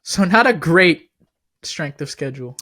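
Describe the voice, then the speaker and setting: A man's voice: a little high, expressive, measured pace, sharp tone. A man co-hosting a podcast, easygoing and leading the questions in casual chat. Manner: easygoing, laughs along, leads the questions. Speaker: podcast co-host.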